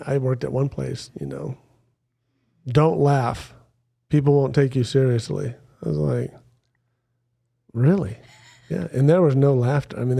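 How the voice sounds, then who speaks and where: A man's voice: mid-range voice, creaky, dark tone, husky. A man as a podcast guest, upbeat and jokey, speaking in a studio. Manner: upbeat, jokey, quotes other people. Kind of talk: casual podcast chat. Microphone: studio headphones and mic.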